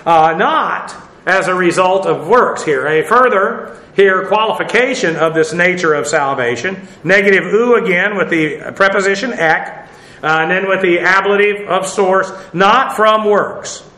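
Male Bible teacher, high voice, rambling and filler-heavy, recorded in a roomy space. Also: moderate pace, bright, forceful tone. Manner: rambling, with many "uh" fillers, spelling out Greek words. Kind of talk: verse-by-verse Bible lesson.

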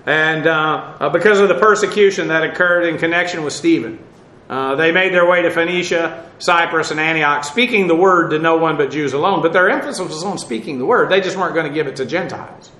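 A man's voice: a little high, a little fast, sharp tone, echoey room, rough recording. A man teaching an informal Bible class in a conversational way, with many fillers and dry asides.

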